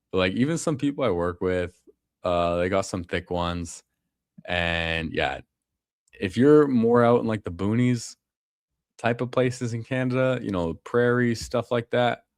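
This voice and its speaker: A man's voice: deep voice, dry recording, studio quality. A man streaming a fantasy football draft, talking casually and slangily with viewers. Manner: casual, slangy, calls people bro and man. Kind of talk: casual live commentary.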